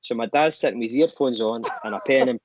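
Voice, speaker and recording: A young man, a guest musician, telling animated anecdotes in casual chat and swearing casually. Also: medium pitch, fast, a crowd in the background, low-quality recording.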